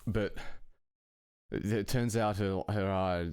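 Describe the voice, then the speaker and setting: Casting: man, low and smooth voice, loose profane storyteller, dry close sound. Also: steady tone, slow pace, a little mellow, no echo. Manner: rambling, profane, chuckling between phrases. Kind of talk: casual anecdote telling.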